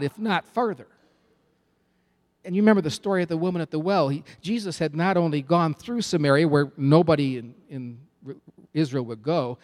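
Emphatic preaching man, slightly higher voice. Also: a little mellow. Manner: emphatic, repetitive preaching cadence. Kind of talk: sermon.

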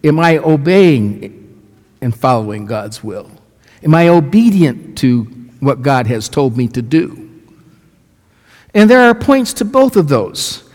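A male pastor delivering a sermon, asking the congregation questions and telling stories with quoted lines. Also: on the high side. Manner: asks the congregation questions, lively storytelling with acted quotes. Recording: long hall reverb.

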